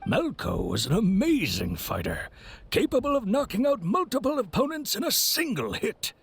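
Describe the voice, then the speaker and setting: A man's voice: high voice, creaky, breathy edge, heavily acted. An actor playing a friendly, chatty older male merchant who tells stories in a folksy way in a video game.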